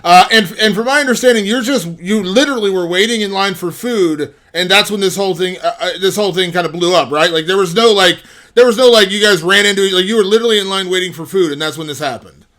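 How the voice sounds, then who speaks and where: Man, interviewer, rambling, high-pitched. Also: quick pace, fairly bright tone. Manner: rambling, many restarts and fillers. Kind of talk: interview questions.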